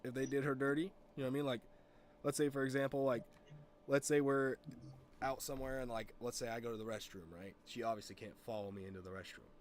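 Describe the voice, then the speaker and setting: Male streamer, mid pitch, rambling and profane casual storyteller. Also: steady tone, fast talker, slight background noise.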